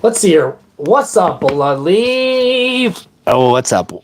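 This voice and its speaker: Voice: medium pitch, very animated, slow, a little hiss or hum. A live streamer chatting casually with viewers in a playful, rambling way, now and then breaking into made-up silly songs. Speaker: livestream host and musician.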